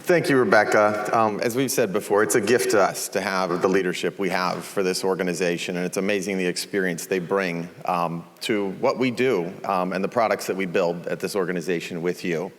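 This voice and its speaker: A man welcoming a conference audience from the stage in a relaxed, conversational way, with frequent ums. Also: sits low, a little fast, few pauses. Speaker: CEO hosting a conference. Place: large conference venue stage. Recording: long reverb of a large conference hall.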